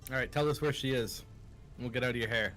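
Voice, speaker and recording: A male player bluntly pushes the scene along in a tabletop game, joking as he goes. His voice sits at a medium pitch, with faint music behind. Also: fast talker, a bit bright, poor audio. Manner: blunt and jokey. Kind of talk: casual tabletop play.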